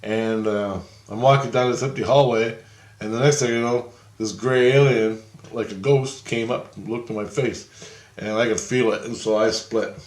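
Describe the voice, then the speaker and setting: Speaking at a moderate pace in a steady voice on the low side, a middle-aged man tells a long, meandering story about visions. He keeps it casual, chuckles a lot, and lifts his voice to quote others. The recording has a roomy, echoing sound.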